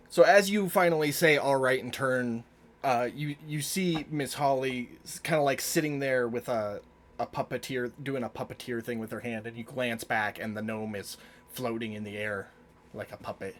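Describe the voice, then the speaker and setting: A man narrating a tabletop game as game master, with lively narration and frequent laughs. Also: medium pitch, normal speed, a little hiss or hum.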